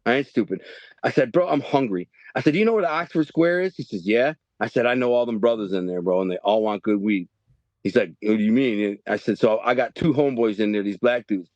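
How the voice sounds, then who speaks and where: A man in his fifties from the Detroit area, telling a story as a podcast guest in animated, profane street slang. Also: mid-range voice, brisk, dry recording, muffled recording. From Detroit area, Michigan. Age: 50s. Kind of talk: storytelling interview.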